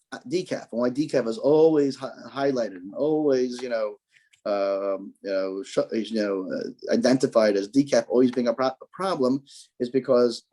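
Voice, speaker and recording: A man's voice: medium pitch, warm tone. A man, a rabbi, giving an informal talk on kosher rules, rambling with dry jokes and often repeating himself.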